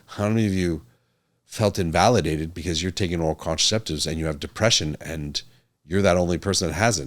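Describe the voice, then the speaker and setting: A man's voice: low-pitched, fairly quick. Earnest man, a doctor talking to camera. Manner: earnest, emphatic, repeats key points. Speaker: physician and podcast host. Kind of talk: casual talk to camera.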